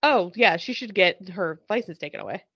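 A woman with a gravelly, fry-edged voice chats loosely about a TV show, laughing often and telling the scenes with lots of swearing. The recording sounds dull and lo-fi, with a dry, close sound and no room around it. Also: fairly low pitch, lively intonation, brisk, fairly bright tone, dry recording. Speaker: podcast host. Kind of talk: casual chat recapping a TV show.

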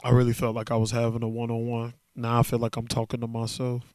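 Man, solo podcast host, casual slangy talk, emotionally worn, smooth clear voice, dry close sound. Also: medium pitch, completely flat delivery, fast, darkish tone, dry recording. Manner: candid, loose and conversational, slangy.

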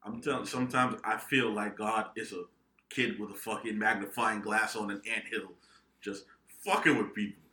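Very bright-voiced man telling a profane story. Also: lowish voice, moderate pace. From New England, United States. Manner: profane, animated storytelling with acted-out outbursts. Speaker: podcast co-host. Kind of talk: casual storytelling among friends. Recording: echoey room.

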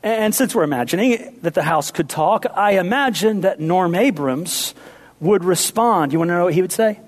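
Playful preaching man, slightly high voice. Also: expressive, normal speed. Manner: playful, then hushed and intense. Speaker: pastor. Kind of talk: sermon.

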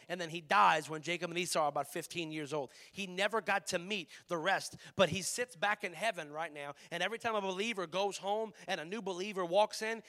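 A man preaching a sermon as pastor, passionate, swinging between loud emphatic lines and hushed ones. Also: high voice.

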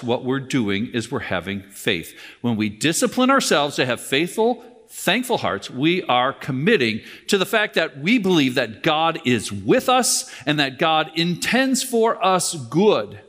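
A man's voice: mid-range voice, fairly bright tone. Man preaching in a reverberant hall. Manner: conversational preaching, repeats key lines, wry asides. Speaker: pastor. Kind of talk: sermon.

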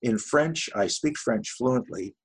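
A man from the Ottawa area, a voice actor talking casually in an interview, relaxed and anecdotal with a wry humor. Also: mid-range voice, slow, husky, rough recording. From Canada, Ottawa area. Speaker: voice actor guest.

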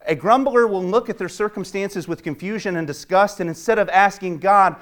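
Impassioned male preacher, higher voice. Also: brisk, hardly any pauses, a bit bright. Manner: impassioned preaching, voice rising for quoted complaints and dropping low in prayer. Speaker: pastor. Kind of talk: sermon.

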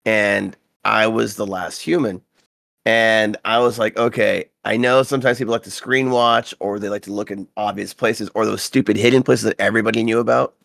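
A man co-hosting a casual podcast, telling rambling, profane gaming stories and getting animated when he quotes people. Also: on the low side, normal speed, gravelly, no echo. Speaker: podcast co-host.

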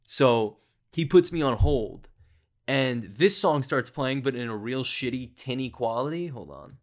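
A young man hosts a casual solo podcast, rambling through stories in a sarcastic, self-deprecating way. His voice is medium-pitched and a little slow.

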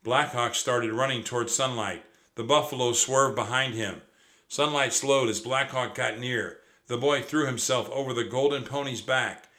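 A man's voice: mid-range voice, fairly even intonation, moderate pace, bright, forceful tone. A man reading a children's storybook aloud expressively, with occasional stumbles over words. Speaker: narrator.

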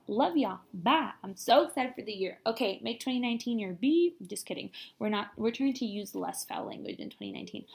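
A woman's voice: on the high side, normal speed, creaky, hardly any pauses, darkish tone. A young woman in her twenties hosting a podcast, chatting in an upbeat, casual way and using "like" a lot. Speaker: podcast host.

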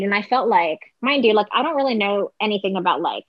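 A young woman telling a personal story in casual conversation, talking fast and filling her speech with "like". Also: mid-range voice, animated, no room sound. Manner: chatty, heavy use of "like", quick quoted asides. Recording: slightly dull close dry recording.

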